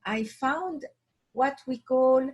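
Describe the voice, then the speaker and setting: A woman from Switzerland, a watch designer, telling her story in an interview over a video call, halting and often restarting as she searches for words. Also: sits high, darkish tone, breathy edge, rough recording.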